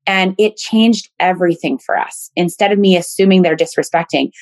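Candid storytelling woman, low voice. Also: normal speed, darkish tone, no echo. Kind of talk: casual conversation.

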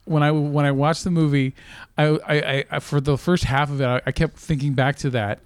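A man's voice: on the high side, steady tone, brisk, no room sound, clean studio sound. A man co-hosting a casual movie review podcast, joking and rambling and laughing often.

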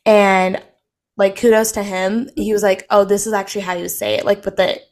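Speaking at a moderate pace with a level tone and medium pitch, this woman is a young podcast co-host from the United States. Her talk is a casual chat packed with filler words.

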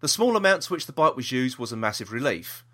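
A man's voice: mid-range voice, big pitch swings, fast, fairly bright tone. A man with a South East London accent co-hosting a podcast, chatting and reading out a listener's email with lots of ums. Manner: chatty, reads aloud with many ums and restarts. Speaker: podcast co-host.

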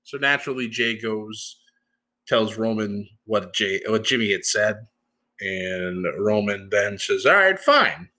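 Bright-voiced man casually recapping. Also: on the low side, slow pace. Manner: chatty, animated retelling with frequent laughs and fillers. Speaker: show recap host.

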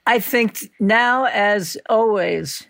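Gravelly-voiced woman linguistics professor. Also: medium pitch, drawn-out words, a bit bright, dry recording, studio quality. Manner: thoughtful, laughs often, gives examples. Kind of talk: conversational interview.

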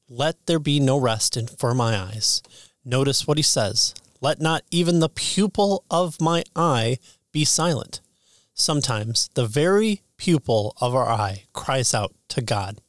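A man reading an ancient sermon aloud in a measured way, slowing down to stress key phrases. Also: mid-range voice, dry recording, clean studio sound. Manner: measured, with slow emphatic phrases. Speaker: sermon reader.

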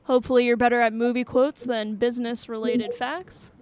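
A woman's voice: fairly high pitch, little pitch movement, a little fast, darkish tone. A woman hosting a trivia quiz, reading out questions and answer choices with playful banter and frequent laughter. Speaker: trivia game host.

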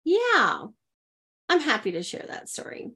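A woman coach, a guest on an interview show, telling personal stories in a lively way and acting out the dialogue. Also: mid-range voice, measured pace. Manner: lively, acts out quoted dialogue. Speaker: guest, intuitive leadership coach. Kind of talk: conversational storytelling.

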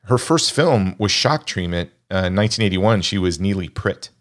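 A man's voice: deep voice, expressive, moderate pace, fairly bright tone. A man hosting a casual film podcast, talking enthusiastically and rambling with fillers.

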